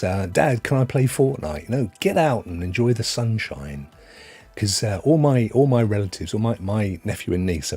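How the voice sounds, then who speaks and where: A middle-aged man with a British accent hosts a relaxed game stream, reading out viewer comments. His voice is a little husky and rather low, and it swings widely in pitch as he jokes. Faint music plays underneath. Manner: chatty, jokey, laughs often. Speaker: livestream host.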